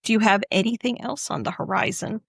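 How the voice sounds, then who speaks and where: A woman's voice: medium pitch, steady tone, brisk, breathy edge, no room sound. Chatty woman, dry close sound. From Northwestern Pennsylvania. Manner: rambling, chatty, full of restarts. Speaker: podcast co-host. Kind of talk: casual chat.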